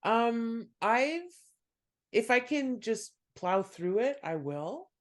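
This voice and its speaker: A podcast host keeps the talk easy, backing the guest up with frequent affirmations and soft laughter. When sharing their own stories, they speak at a middling pitch, casual and unhurried. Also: lively intonation. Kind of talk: casual interview chat.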